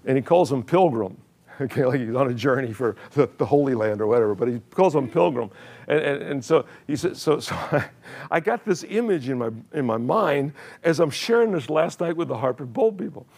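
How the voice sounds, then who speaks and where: A man's voice: mid-range voice, lively intonation, fairly quick, creaky, darkish tone. An older man preaching a sermon in a church, telling a story with chuckles and many repeated words. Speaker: pastor.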